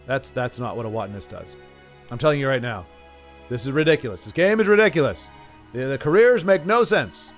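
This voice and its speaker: A man's voice: medium pitch, expressive, a little fast, faint music behind. A man giving casual, sarcastic commentary while playing a video game. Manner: sarcastic, joking asides. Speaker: let's play streamer.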